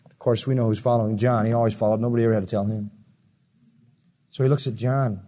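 A male preacher giving a sermon, telling Bible stories in an animated way and acting out the voices of the people in them. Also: on the low side, quick pace. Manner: animated storytelling, acts out voices. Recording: long reverb of a large hall.

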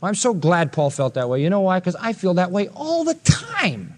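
A man's voice: sits high, very animated, moderate pace, long reverb tail. A male pastor preaching an expository sermon, earnest and rising to emphatic peaks when quoting scripture.

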